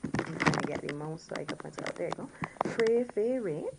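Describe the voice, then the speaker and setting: A woman teaching a recorded French lesson, drilling words slowly and patiently and correcting herself as she goes. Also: deep voice, level tone, creaky, noisy background.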